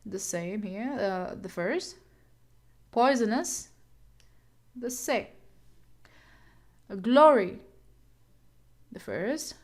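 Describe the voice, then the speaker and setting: A woman's voice: mid-range voice, expressive, extremely slow, pauses often. A woman teaching English word stress, repeating words and counting syllables aloud. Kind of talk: classroom lesson on word stress.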